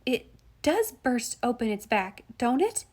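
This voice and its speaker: A woman's voice: fairly high pitch, unhurried, darkish tone. A woman voicing an earnest young boy who eagerly tells what he saw of insects. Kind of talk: audiobook reading.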